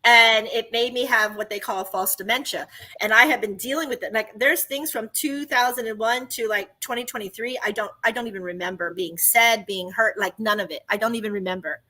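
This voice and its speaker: Woman, high voice, bright tone, casual chat, emphatic. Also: brisk. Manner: emphatic, exclaiming, laughing. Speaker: podcast guest telling her story.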